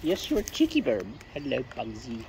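Woman teasing birds in lively singsong. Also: a bass voice, moderate pace, creaky. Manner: playful, teasing baby talk to birds. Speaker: vlogger feeding wild cockatoos. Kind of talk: casual chat to birds. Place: outdoors. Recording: noisy outdoor recording. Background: bird calls and outdoor ambience.

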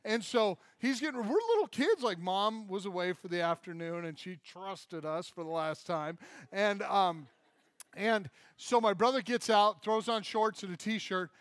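A man preaching a sermon as pastor, telling a funny story from childhood with lively acted-out quotes. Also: sits high, a little slow, no room sound. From Michigan. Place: church.

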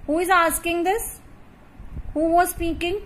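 A woman with an Indian English accent teaching a recorded class lesson to young children, asking questions and explaining slowly and clearly. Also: very high voice, fairly even intonation, a bit bright, a little hiss or hum, poor audio. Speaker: primary school English teacher.

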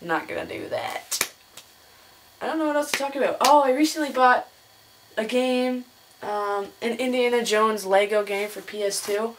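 A woman's voice: moderate pace, slight background noise. A young woman vlogging casually to her camera, chatty and laughing often as she tells stories. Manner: chatty, laughs often, mimics others in a higher voice. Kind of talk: casual chat.

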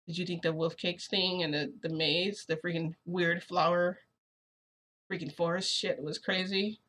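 Young woman, husky breathy voice, slightly low, excitable casual storytelling. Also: unhurried. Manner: chatty, excitable, says "freaking" a lot. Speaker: storytelling vlogger.

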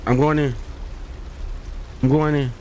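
A man's voice: fairly high pitch, little pitch movement, a little slow, darkish tone, a little hiss or hum. A young man streaming a horror game, jumpy and exclaiming as he talks to his chat. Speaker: gaming streamer. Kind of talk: live horror game commentary.

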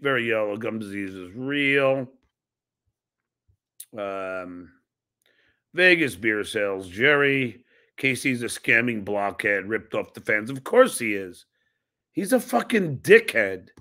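Here a podcast host with a bright, pushed, mid-range voice reads donation messages from viewers aloud. He answers each with a blunt, profane retort, keeping things loose like a casual live-stream chat.

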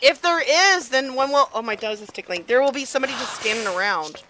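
A woman hosting a let's play, chatting excitedly and yelling at the game as she plays. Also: a little high, fast, noisy background. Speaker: gaming channel host. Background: game music and gunfire.

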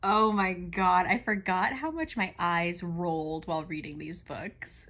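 A woman's voice: lowish voice, a bit bright. Young woman vlogger rambling thru a book recap, sweary, laughs a lot. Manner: chatty, sweary, quick to laugh. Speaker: book youtuber.

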